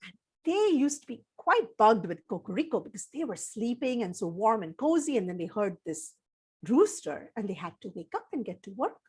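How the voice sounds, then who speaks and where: Animated woman telling a children's story. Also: fairly high pitch, normal speed, husky. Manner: animated, sing-song, coaxing with children.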